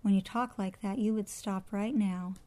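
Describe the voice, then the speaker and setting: A woman's voice: mid-range voice, fairly even intonation, normal speed, mellow, lightly acted, poor audio. A woman as a prim, scolding mother. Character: worried, proper middle-aged mother.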